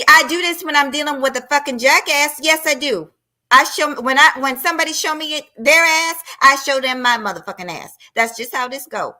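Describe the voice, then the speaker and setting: On her live stream, a woman unleashes a heated, profane rant, confronting her audience directly and bluntly. Her bright, slightly high voice moves fairly quickly with lively intonation.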